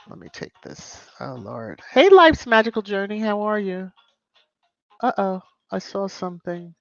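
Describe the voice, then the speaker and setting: Reading comments on a casual live stream, a woman YouTube host greets viewers by name and drops emphatic asides. She has a lowish voice, captured in a dry recording with dull audio.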